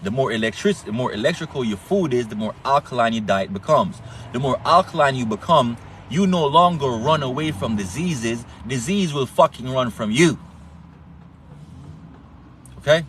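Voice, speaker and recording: A man's voice: mid-range voice, expressive, moderate pace, a bit bright, slight background noise. A man with an accent lectures in a casual, preachy way, swearing often, stressing and repeating words. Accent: non-standard English accent. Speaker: online health talk host.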